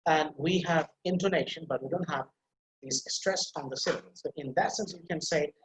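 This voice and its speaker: A man's voice: fairly high pitch, reverberant, slight background noise, rough recording. Bangladeshi man teaching pronunciation. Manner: repeats words slowly for drill, explanatory. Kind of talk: online lecture over slides.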